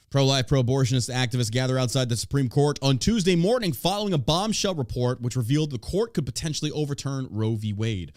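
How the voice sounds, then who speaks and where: A man's voice: mid-range voice, fast, few pauses, darkish tone, no echo. Man, podcast host, casual chat, sarcastic, profane, dry close sound.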